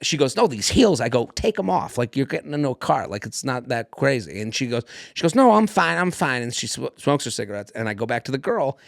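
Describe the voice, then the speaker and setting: A man's voice: mid-range voice, fast, creaky, hardly any pauses, no room sound, clean studio sound. A man co-hosting a podcast, telling a story in casual chat and acting out what people said. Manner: animated storytelling, acts out quotes loudly. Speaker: podcast co-host.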